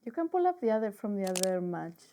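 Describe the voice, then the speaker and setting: A woman's voice: medium pitch, sing-song, fast, dark tone. A woman chatting casually as a guest, making brief, matter-of-fact remarks. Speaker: guest video editor. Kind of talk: casual chat.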